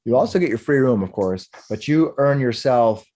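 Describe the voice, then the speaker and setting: A man's voice: medium pitch, lively intonation, normal speed, warm tone. A man narrating as game master of a tabletop game, rambling and restarting as he goes.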